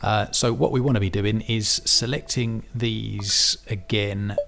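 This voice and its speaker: A man's voice: on the low side, fairly even intonation, a little slow, creaky, a bit bright. A man teaching English word stress in a chatty, self-deprecating demonstration, thinking aloud as he works through a virtual reality app. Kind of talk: demonstration tutorial.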